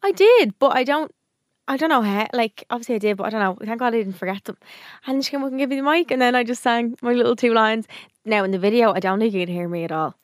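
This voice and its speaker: A young woman co-hosts a chatty podcast, rattling off a story at a quick clip. She is animated and swears casually. The sound is close and dry, with no room around it. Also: fairly high pitch, no room sound. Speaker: podcast co-host. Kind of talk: casual chat.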